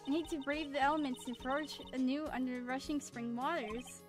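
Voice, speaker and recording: An eager, bubbly teenage spirit medium, put on by a woman in a game read-through. The voice runs high and perky, quick to get excited. Faint music sits behind it. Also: close to an everyday voice.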